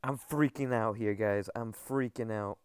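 A man giving excited gameplay commentary to his viewers. He stammers and repeats himself and keeps calling them guys. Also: on the low side, a little slow, clean tone, no echo, clean studio sound. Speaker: gaming video creator.

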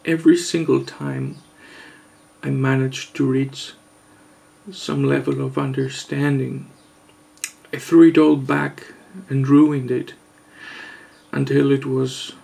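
A man vlogger giving a mock-serious confession, halting and hesitant, earnest and overwrought. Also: mid-range voice, level tone, creaky, dark tone. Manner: halting, hesitant, with long pauses.

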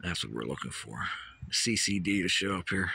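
This man's deep voice is expressive, creaky and slightly rough, pushed and bright, moving at a moderate pace. Filming himself on a phone while walking a hilltop path, he rambles, swears offhandedly and talks to the animals and trees around him.

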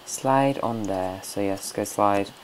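A man's voice: fairly low pitch, slow pace, slight background noise. A man hosting a casual gameplay commentary from home, chatty, coaxing and scolding his game characters. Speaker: let's play host.

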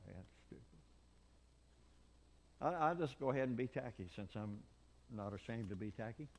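A male preacher delivering a revival sermon, rising from quiet asides to loud shouted peaks and acting out the people he quotes. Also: moderate pace, creaky, long pauses. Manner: animated preaching, swings from low asides to loud shouted climaxes; acts out quoted people in voices. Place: church sanctuary.

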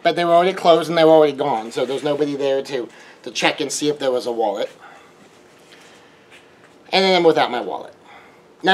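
A middle-aged man, talking through relationship advice in a conversational monologue and now and then acting out quoted exchanges. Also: fairly high pitch. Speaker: relationship teacher. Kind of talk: casual monologue.

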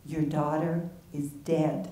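A woman's voice: mid-range voice, sing-song, slow pace, a little mellow, pitched above the performer's own voice. A woman doing a bossy older sister. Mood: soothing. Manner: insistent, scolding. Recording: roomy hall from far off.

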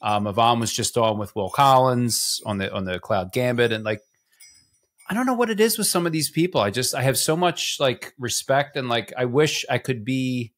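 A man co-hosting a podcast in a casual group chat, animated and rambling, with lots of fillers and self-deprecating asides. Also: medium pitch, normal speed. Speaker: podcast co-host.

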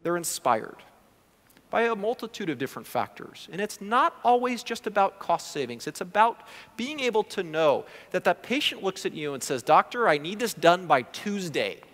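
A man, a prosthodontist, giving a conference lecture in an animated way, often acting out what his patients say. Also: high-pitched, moderate pace. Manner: animated, acts out patient quotes. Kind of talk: conference talk. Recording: reverberant lecture hall.

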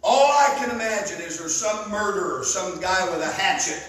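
A man preaching a sermon, telling stories fervently and bursting into loud emphasis. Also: high-pitched, lively intonation, moderate pace, crowd noise. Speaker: pastor. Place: church sanctuary. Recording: echoey church hall, mic at a distance.

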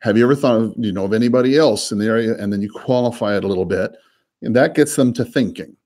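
A man working as a real estate broker, coaching in a quick, chatty way and often repeating words and laughing. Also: mid-range voice, expressive, darkish tone. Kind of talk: coaching talk with live cold calls.

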